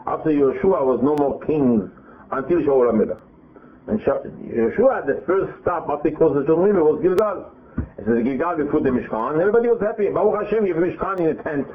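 A man giving a lively Torah class, retelling scripture as quoted dialogue with frequent restarts. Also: fairly high pitch, a little fast. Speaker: Torah teacher. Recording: tinny phone-like audio.

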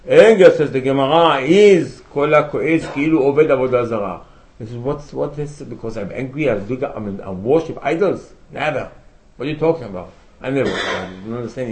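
At normal speed and a medium pitch, a rabbi with a slightly mellow voice teaches a Torah class. His religious lecture leans on rhetorical questions and emphasized quotes from Hebrew sources. The recording quality is low.

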